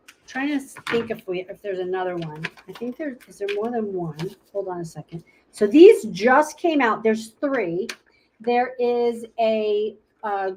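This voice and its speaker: A woman with a medium-pitched, slightly mellow voice presents a casual live makeup tutorial. She chats and thinks aloud as she hunts for her products.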